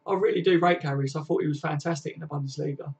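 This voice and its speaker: A man's voice: fairly high pitch, fairly even intonation, quick pace, vocal fry. A man hosting a casual football fan live stream, reading viewer comments and chatting in a slangy, friendly way, calling everyone mate and lads. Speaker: football fan channel host.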